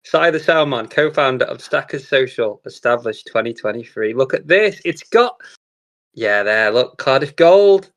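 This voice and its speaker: A man's voice: mid-range voice, lively intonation, moderate pace, a bit bright. A man hosting a casual live stream, earnestly chatting to viewers as he opens a gift. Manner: earnest, chatty, talks to viewers while unboxing. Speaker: show host. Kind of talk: casual livestream chat. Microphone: camera on a tripod.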